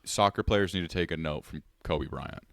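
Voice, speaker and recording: A man's voice: deep voice, normal speed, no echo. A man co-hosting a podcast in a studio, with playful, offhand, teasing banter. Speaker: podcast co-host.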